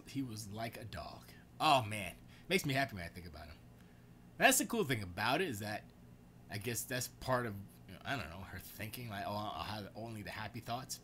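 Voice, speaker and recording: A man hosting his own podcast, chatting casually and rambling in a slangy, animated storytelling way. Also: on the low side, slight background noise. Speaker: podcast host.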